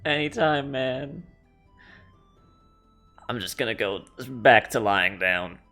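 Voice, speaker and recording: A man's voice: mid-range voice, lively intonation, slow pace, bright, forceful tone, faint music behind. A man playing in a tabletop game, talking in an easygoing, casual way with hesitant starts. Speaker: player. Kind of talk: casual tabletop role-play.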